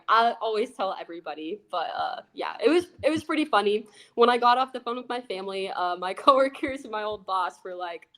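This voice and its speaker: A young woman, an aquarist, telling a funny work story in a bubbly, excitable, casual way with plenty of fillers. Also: medium pitch. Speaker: aquarist guest.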